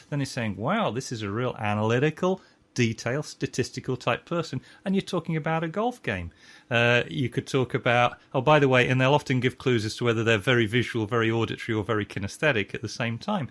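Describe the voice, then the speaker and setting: A man's voice: mid-range voice, a little fast, fairly bright tone. A man, a trainer and guest expert, explaining sales techniques in conversation and acting out examples with shifting tone and pace. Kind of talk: conversational teaching.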